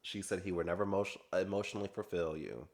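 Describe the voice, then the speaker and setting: A low-voiced man with a drawl recaps reality TV in a loose, gossipy way. He chats like he's talking to friends and laughs often between his takes. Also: fast, a little mellow. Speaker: recap vlogger.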